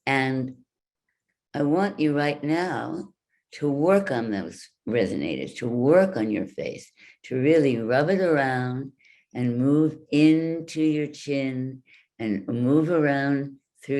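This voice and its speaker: A woman voice coach giving a workshop talk, speaking deliberately and guiding the listeners through exercises with demonstrations. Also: rumbling low, darkish tone. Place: virtual workshop from home.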